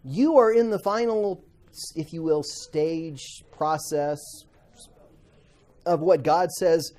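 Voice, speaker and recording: A man teaching a Bible class to students, animated, acting out quotes and asking the class questions. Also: a little high, slow pace.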